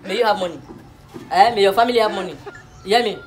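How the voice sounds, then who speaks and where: A woman's voice: medium pitch, fast talker, faint music behind. Woman lecturing in mock-serious tones. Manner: preachy, mock-serious lecturing with frequent laughs. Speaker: comic playing a teacher. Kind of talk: comedy classroom sketch.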